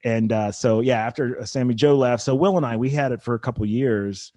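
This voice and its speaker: A man's voice: medium pitch, a little fast, mellow, no room sound, studio quality. A man guesting on a comedy podcast, chatting casually and rambling with many restarts and "like"s.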